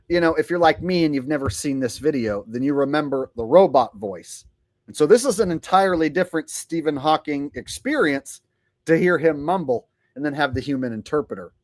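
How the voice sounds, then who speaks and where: A man's voice: medium pitch, no room sound. A man hosting a casual commentary vlog, sarcastic and rambling, often laughing and mocking. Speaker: vlogger host.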